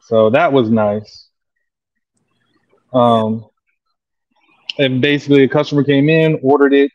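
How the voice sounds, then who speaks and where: A man working as an airbrush artist, explaining a design slowly and casually while he paints, with many pauses and ums. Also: medium pitch, level tone, dry recording, dull audio. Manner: slow, easygoing, lots of ums.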